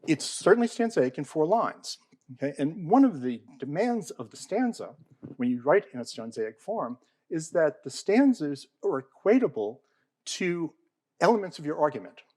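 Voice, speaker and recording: A man lecturing an audience on poetry, his pitch rising and falling with animation. His tone is warm and mellow, and the sound is dry and close. He keeps checking in with "okay?" and "all right?" and asks the room questions. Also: sing-song, normal speed, dry recording, rough recording. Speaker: panel speaker on poetry.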